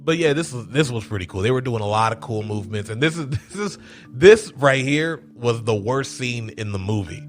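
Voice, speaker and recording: Lively, laughing guy chatting casually. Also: medium pitch, brisk, faint music behind. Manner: loose, laughing, swears freely. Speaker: podcast co-host. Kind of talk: casual reaction chat.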